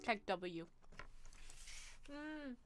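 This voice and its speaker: A young woman streams a game with music playing behind her, her voice slightly high, expressive, and given to stretched-out words. She chats casually, reads the chat out loud, and makes fun of herself.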